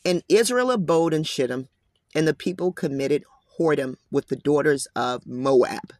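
This Bible commentator's voice is on the high side at normal speed, recorded with no room sound. He reads scripture aloud and comments on it in a casual, emphatic way, frequently saying "guys" and adding slangy asides.

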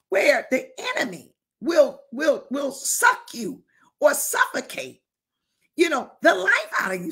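A woman's voice: sits high, very animated, measured pace, fairly bright tone. A woman bishop preaching a fervent sermon, firing rhetorical questions and calling out to listeners, sometimes dropping to a whisper.

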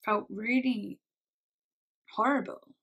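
Halting young vlogger woman, gravelly and husky. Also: a little high, fairly even intonation, fairly bright tone. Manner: halting, hesitant speech with many restarts. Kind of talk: storytime vlog.

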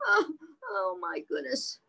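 A woman's voice: very high voice, huge pitch swings, slow, creaky, pushed and bright, low-quality recording. A woman reading a picture book aloud to young children in a sing-song manner, stopping often to ask them questions. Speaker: children's storyteller.

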